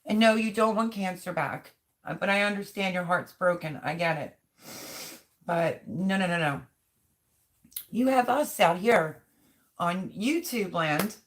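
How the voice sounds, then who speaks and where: A woman's voice: lowish voice, a little slow, pauses often. A middle-aged woman hosting a live stream, reading viewers' chat comments aloud and answering them in a heartfelt, openly emotional, chatty way. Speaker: livestream host.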